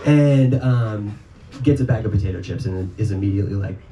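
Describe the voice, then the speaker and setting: A man's voice: on the low side, fairly quick, dark tone. Man from north dakota, live storytelling, rambling and profane, roomy hall, heard from afar. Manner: casual, rambling, profane, lots of ums. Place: live venue with an audience. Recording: echoey live room from far off, noisy.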